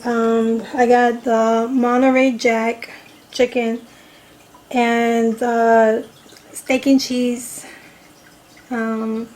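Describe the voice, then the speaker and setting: A young woman talks casually to her camera with a slightly high voice. She rambles and fills her pauses with ums, and faint background noise runs under her chat. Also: darkish tone, poor audio. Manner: rambling, filler-heavy chatter. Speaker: vlogger. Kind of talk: casual storytime and mukbang chat.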